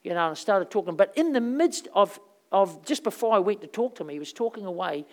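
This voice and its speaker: Rambling, animated woman preacher. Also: mid-range voice, fairly quick. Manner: conversational, rambling storytelling with fillers; animated, swings between loud and soft. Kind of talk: sermon.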